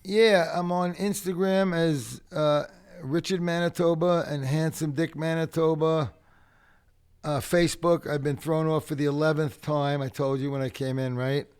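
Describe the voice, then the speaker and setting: A man from the Bronx, guesting on a podcast and telling animated, profane stories. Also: on the high side, moderate pace, clear, resonant tone. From the Bronx, New York. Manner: animated, profane raconteur who acts out the people in his stories. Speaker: podcast guest, punk rock singer. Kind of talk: casual storytelling interview.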